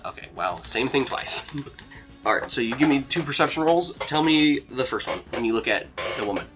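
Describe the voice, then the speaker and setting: A man's voice: mid-range voice, moderate pace, over loud music. A man narrating as game master, rambling with lots of fillers. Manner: rambling, filler-heavy, relaxed.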